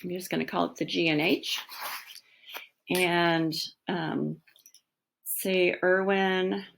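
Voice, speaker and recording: A woman's voice: lowish voice, little pitch movement, takes it slowly, gravelly, slight background noise. Chatty woman teacher recapping a chapter. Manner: casual, chatty, full of ums. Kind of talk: reading a novel aloud and recapping for students.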